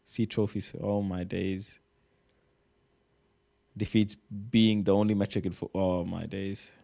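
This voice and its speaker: Guy reacting to posts, fed up, swears a lot, lowish voice. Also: level tone, slow pace, gravelly, dark tone. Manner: exasperated, swearing, reading posts aloud. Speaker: reaction streamer. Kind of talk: casual reaction commentary.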